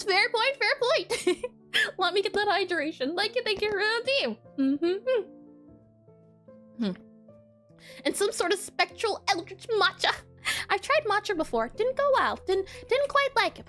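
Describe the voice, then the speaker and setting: Woman, art livestream chat, giggly banter, bouncy animated pitch. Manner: chatty, giggly, reads chat aloud and banters. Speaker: pixel art streamer. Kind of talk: casual livestream commentary while drawing.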